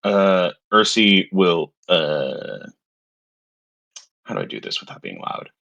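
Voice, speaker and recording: A man's voice: low voice, sing-song, slow pace, creaky, sharp tone, lo-fi sound. A man playing a tabletop game, hesitant and thinking aloud. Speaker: player.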